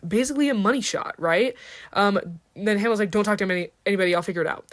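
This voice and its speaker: Teenage girl, school assignment, rapid slangy summary, medium pitch. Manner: fast, slangy retelling that slips briefly into characters' voices. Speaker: student.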